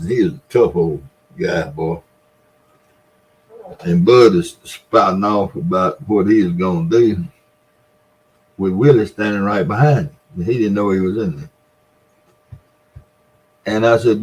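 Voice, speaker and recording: Man, low register, former shopkeeper telling laid-back stories with chuckles. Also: a little mellow, low-quality recording. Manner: laughs often, drawling folksy yarn-spinning. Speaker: storyteller, former store owner. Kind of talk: casual storytelling.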